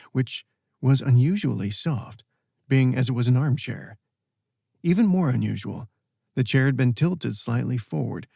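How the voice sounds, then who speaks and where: Man narrating a fantasy audiobook, gravelly husky voice, dry close sound. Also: mid-range voice, warm tone, dry recording.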